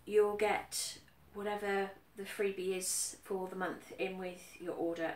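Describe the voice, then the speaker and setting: A woman from the UK chatting casually about her stitching, with frequent ums and repeated phrases. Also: mid-range voice. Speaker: cross-stitch vlogger. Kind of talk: casual chat. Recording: roomy echo, somewhat far from mic, faint background noise.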